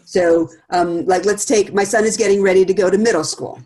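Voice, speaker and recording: A woman's voice: medium pitch, fairly even intonation, a little fast, dark tone. A middle-aged woman presenting a talk in a casual, conversational way, laughing often and acting out quoted remarks. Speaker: speaker series presenter.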